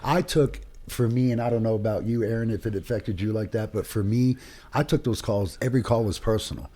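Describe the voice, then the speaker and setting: A man's voice: on the low side, a little fast. A man hosting a podcast and speaking passionately about his years of emergency calls. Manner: animated, rising with emotion. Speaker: podcast host, former paramedic. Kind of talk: casual podcast conversation.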